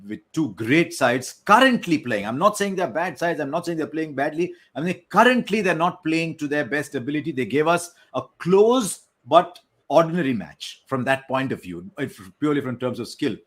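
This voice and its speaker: A man giving measured, analytical post-match cricket talk over a remote link. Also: on the high side, very animated, a bit bright. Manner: measured, analytical, self-correcting.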